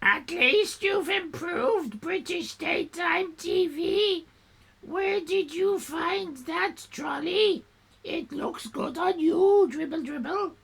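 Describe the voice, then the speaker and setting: A man's voice: extremely high pitch, takes it slowly, gravelly, fairly bright tone, pitched above the performer's own voice, heavily acted. A man voicing a mocking male crocodile with a slobbery, dribbling voice.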